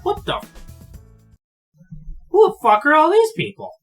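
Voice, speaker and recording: A man voicing a frail, nervous old male tinkerer who shouts and curses. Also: huge pitch swings, unhurried, faint music behind, full character voice. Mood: agitated. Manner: high-pitched, loud and profane.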